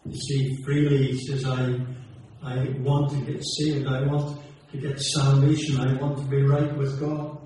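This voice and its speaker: A man preaching with a lilting, chanting cadence that swells and then falls quiet. His voice sits a little high and is caught from a distance, bouncing around a very echoey hall. A faint hiss lies under it. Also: flat delivery, measured pace. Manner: impassioned, rising and falling between loud and hushed. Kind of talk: sermon with sing-song preaching cadence.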